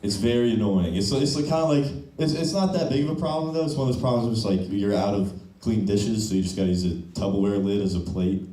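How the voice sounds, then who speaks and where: A young man doing stand-up in a club, his voice a little low and punchy, often ending lines on "okay?". The sound is roomy and comes from some way off the mic. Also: fast, few pauses, dark tone. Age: young adult. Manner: loose, punchy delivery, tags "okay?" to lines. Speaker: stand-up comedian. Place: comedy club stage. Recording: echoey room, mic from a distance.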